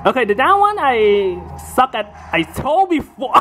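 A gamer giving casual let's-play commentary on their own match, excitable and quick to swear and laugh, talking in short, broken phrases. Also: high-pitched.

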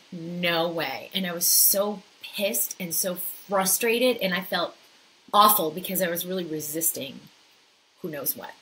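A woman in her thirties telling a personal story in a talk, acting out her own thoughts with lively quoted asides. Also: lowish voice, a little hiss or hum, rough recording. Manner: animated storytelling, acts out her own inner voice. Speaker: speaker.

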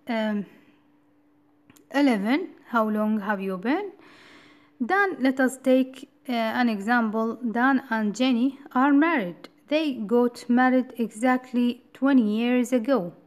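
A woman from Iraq giving a university grammar lecture, explaining step by step, repeating key points and asking rhetorical "what?" questions. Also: on the high side. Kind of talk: recorded classroom lecture.

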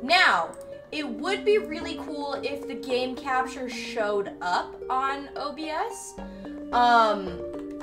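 Young woman streamer, highish voice, drawls a bit, swears at her setup, chats with viewers on a streaming mic. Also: lively intonation, slow pace, music in the background. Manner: loose and profane, talking to chat while fixing her setup. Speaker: live streamer. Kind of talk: casual live-stream chat with viewers. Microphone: streaming microphone.

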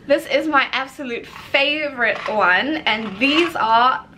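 Bubbly high-voiced South African woman. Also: slow, pushed and bright, a little hiss or hum. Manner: giggly, upbeat, laughs often. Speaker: vlogger host. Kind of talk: casual chat. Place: home room lit by a ring light.

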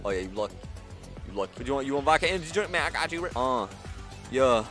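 A young man giving casual gameplay commentary as a gaming YouTuber, excitable and slangy, with sudden loud outbursts. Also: mid-range voice, fast, soft background music.

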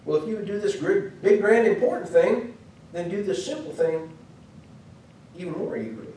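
A man acting out a humble servant who gently reasons with his master through questions. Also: sits high, moderate pace, heavy reverb, recorded from a distance, slight background noise, lightly acted, poor audio. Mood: coaxing.

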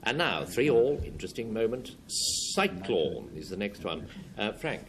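A man hosting a panel game show, moving the rounds along with brisk, dry, teasing patter. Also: lowish voice, sing-song, vocal fry, a crowd in the background. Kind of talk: quizmaster patter. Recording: noisy old broadcast with loud studio audience.

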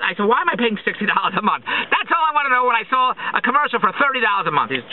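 Exasperated man ranting fast, sarcastic, on a tinny phone-quality recording. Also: sits high, big pitch swings, slight background noise. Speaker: vlogger. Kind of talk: ranting monologue.

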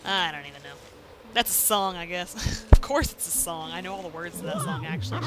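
A woman talks through a video game in a loose, chatty way, shifting between mumbled asides and sudden loud exclamations. Her home mic has no pop filter, and game music plays clearly behind her voice. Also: fairly low pitch, normal speed. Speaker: let's play host. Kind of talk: casual gameplay commentary. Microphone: home mic without pop filter.

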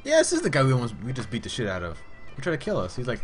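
A man streaming a video game, talking loudly and goofily as he plays, yelping and humming tunes. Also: fairly low pitch, huge pitch swings, quick pace, faint music behind. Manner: loud, goofy, yelps and hums tunes. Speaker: gaming streamer. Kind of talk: excited let's-play commentary.

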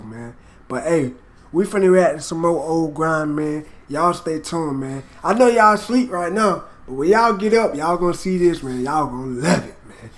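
A man hosting a casual reaction video, excitable and hyped, swearing a lot as he comments. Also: on the high side.

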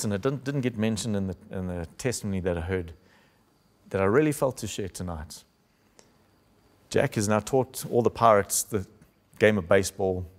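A man preaching in church, telling a story and acting out the quoted lines with his voice. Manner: storytelling, acts out quotes with shifts in pitch and loudness. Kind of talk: sermon.

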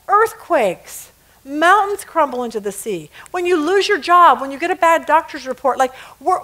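A woman's voice: sits high, lively intonation, a little fast, a bit bright. A middle-aged woman teaching a women's Bible study, telling stories and acting out quotes, laughing at her own jokes.

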